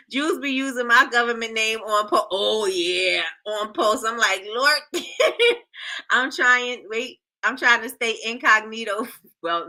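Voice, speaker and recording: Bright-voiced woman hosting a lively stream. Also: mid-range voice. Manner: lively, laughs often, reads chat aloud. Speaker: host of a live stream show. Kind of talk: casual live-stream chat, reading comments.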